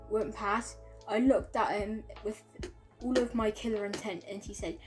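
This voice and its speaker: Woman reading a fanfic out loud, trips on words and fixes them, faint music behind. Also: mid-range voice, fairly even intonation, moderate pace. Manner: stumbling, self-correcting reading with asides. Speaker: reader of fan fiction. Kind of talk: casual reading aloud of a fan story.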